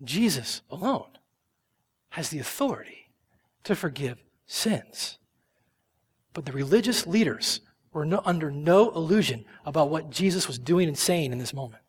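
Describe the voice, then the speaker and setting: A male pastor preaching a sermon with passion, swinging from loud emphasis to hushed whispers. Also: on the high side, expressive, normal speed, husky, big-room sound.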